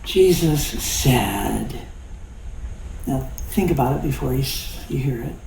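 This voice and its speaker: A man in his sixties preaches in a relaxed, folksy manner, joking and chuckling as he goes. His voice is mellow and mid-pitched. The echo of a roomy church sanctuary surrounds him. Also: slow pace, gravelly, a little hiss or hum. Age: 60s. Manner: folksy, conversational, jokes and voices, laughing. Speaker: pastor. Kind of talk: sermon. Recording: echoey church hall.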